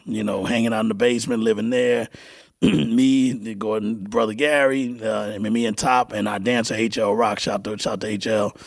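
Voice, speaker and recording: A middle-aged man, a music producer guest, telling stories in a casual interview, halting and repeating words as he acts out quoted dialogue. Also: fairly low pitch, creaky, no room sound, studio quality.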